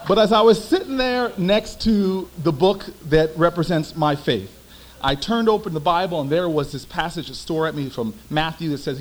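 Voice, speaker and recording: A young man, a former city councilman, giving a storytelling speech with emphatic, animated delivery. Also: fairly high pitch, brisk, slight background noise, low-quality recording.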